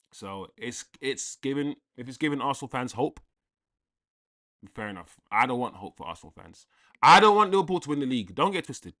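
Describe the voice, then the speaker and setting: A man's voice: medium pitch, fairly bright tone. A young man hosting a live football watchalong, chatting casually and giving blunt opinions while answering viewers. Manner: casual, opinionated, reads out chat and talks back. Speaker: watchalong host.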